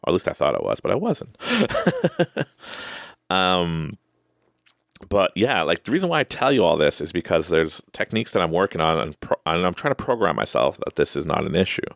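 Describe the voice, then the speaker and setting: A man's voice: low-pitched, huge pitch swings, normal speed, vocal fry, dry recording, clean studio sound. A middle-aged man hosting a podcast, telling a personal story in a rambling, casual way with frequent restarts and laughter. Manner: rambling, self-interrupting, laughs often. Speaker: podcast host.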